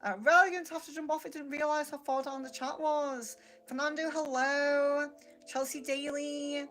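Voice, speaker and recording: A woman's voice: high voice, fairly even intonation, normal speed, a bit bright, soft background music, low-quality recording. Chatty British woman hosting a live reading. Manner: chatty, greets viewers by name, many fillers. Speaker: psychic livestream host. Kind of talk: live-stream card reading chat.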